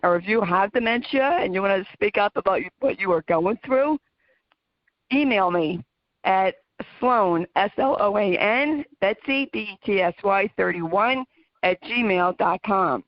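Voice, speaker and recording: A woman hosts a casual talk radio show in an earnest, emphatic voice, slowing to stress what matters. The sound is dry and close. It is a little muffled and lo-fi. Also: medium pitch, animated, no echo. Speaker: podcast host. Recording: dull lo-fi dry audio.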